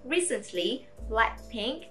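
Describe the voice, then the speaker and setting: Slow, bright-voiced woman language tutor. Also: on the high side, sing-song, faint music behind. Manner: slow, careful, encouraging teacher. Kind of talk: pronunciation lesson.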